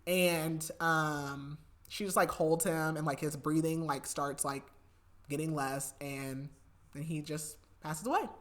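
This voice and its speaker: A woman's voice: low voice, steady tone, takes it slowly. A woman podcast host casually retelling a book's plot, chatty and full of fillers. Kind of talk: casual book recap.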